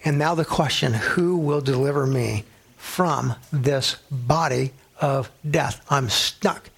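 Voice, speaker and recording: Guy teaching a bible study, gravelly kinda husky voice, earnest and chatty, goes whispery sometimes. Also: mid-range voice, slow. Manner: earnest, conversational, drops to a whisper for emphasis.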